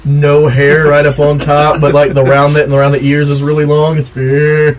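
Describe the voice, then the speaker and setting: A man's voice: a little high, monotone, moderate pace, a little hiss or hum. A man describing his character in a rambling, casual way at a tabletop game. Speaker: player.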